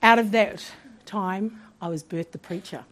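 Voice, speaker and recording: A woman preacher telling a testimony from the pulpit, animated and laughing often as she acts out the voices in her story. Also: mid-range voice, a little slow.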